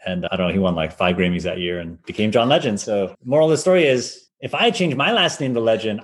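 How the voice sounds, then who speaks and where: A man in his forties, a violinist guest telling anecdotes in a loose, animated way, with lots of "like" and acted-out quotes. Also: fairly low pitch, quick pace, few pauses. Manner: animated, acts out quoted voices, many fillers. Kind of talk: casual anecdotal storytelling.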